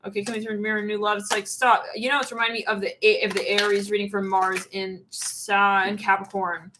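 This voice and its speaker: A woman giving a channeled tarot reading, animated and acting out quoted voices as she goes. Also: medium pitch, fairly quick, background noise. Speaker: tarot reader.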